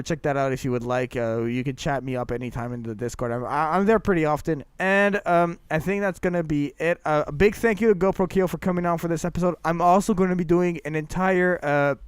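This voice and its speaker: A young man from Canada hosting a casual anime podcast, excitable and laughing often, stumbling and repeating words as he talks. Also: fairly high pitch, smooth, no room sound. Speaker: podcast host.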